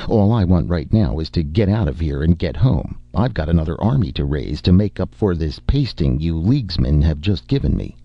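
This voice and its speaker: Rumbling, gravelly barbarian warlord voiced by a male narrator, gruff but kindly; dull lo-fi audiobook sound. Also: very animated, moderate pace, hardly any pauses, no room sound, heavily acted. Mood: gently gruff. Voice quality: deep rumbling voice. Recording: dull lo-fi recording.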